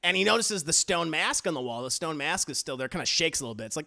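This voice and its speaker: A male reviewer recapping an episode with a profane, excitable delivery. His voice is high and bright, with a gravelly edge. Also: quick pace, hardly any pauses. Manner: profane, excitable, laughs often.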